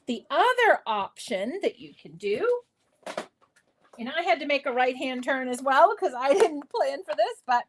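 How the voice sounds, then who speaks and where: A woman's voice: high-pitched, big pitch swings, measured pace, background noise. A woman hosting a live crafting tutorial from her home craft space, chatting playfully with viewers as she works. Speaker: craft demo host.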